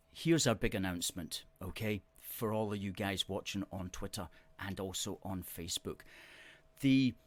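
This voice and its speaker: A middle-aged man hosts a live show, reading viewer comments aloud and answering with emphatic, repeated words. His voice sits fairly low. The recording is dry and close, with almost no room sound. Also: no echo. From Scotland. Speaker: host.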